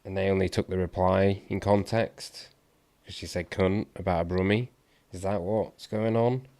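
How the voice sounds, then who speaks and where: A man's voice: low voice, steady tone, normal speed, darkish tone, no room sound. A man hosting a live stream, reacting to a clip with puzzled questions and thinking aloud. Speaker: livestream host reacting to a clip. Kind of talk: casual live commentary.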